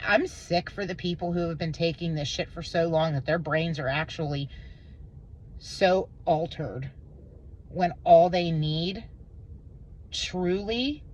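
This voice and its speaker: A woman vlogging an emotional personal monologue, intense and rambling, swearing and swinging between low and high pitch. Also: slight background noise, poor audio.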